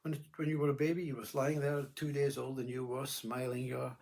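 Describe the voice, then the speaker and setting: A man's voice: mid-range voice, flat delivery, fairly quick, vocal fry, darkish tone. A man giving a rambling philosophical monologue, with blunt earthy words, who keeps saying "you see" and "you know". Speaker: spiritual speaker.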